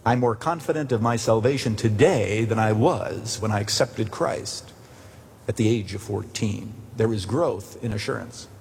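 A man's voice: on the low side, moderate pace, gravelly, a little mellow, a little hiss or hum. A man preaching a sermon from the pulpit, earnest and storytelling, rising to emphatic questions. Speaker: pastor. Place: church sanctuary pulpit. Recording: long hall reverb.

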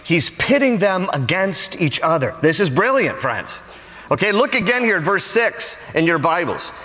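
A man preaching a sermon as pastor, animated and storytelling, acting out the voices of people he quotes. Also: high-pitched, normal speed, big-room sound.

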